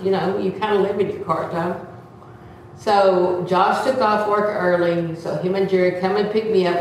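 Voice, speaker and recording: A seventy-year-old woman with a drawl tells her story in a chatty, animated way, often turning to talk about God. Her voice sits a little low, and it rings in a very echoey room. She sounds a bit away from the mic. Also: a little hiss or hum. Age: 70s. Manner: chatty, expressive, laughing often; devout, speaks often of God. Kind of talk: casual storytelling. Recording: echoey, slightly distant mic.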